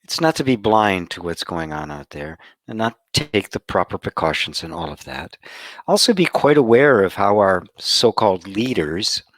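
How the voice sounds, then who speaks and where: A man giving a contemplative spiritual talk, speaking slowly and sometimes dropping to a soft whisper for emphasis. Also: on the low side, big pitch swings, dry recording. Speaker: spiritual teacher. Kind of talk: satsang talk.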